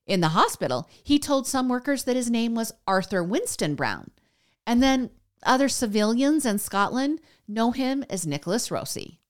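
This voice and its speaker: Lively chatty woman podcast host. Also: on the high side. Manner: chatty, addresses listeners directly. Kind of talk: scripted news recap.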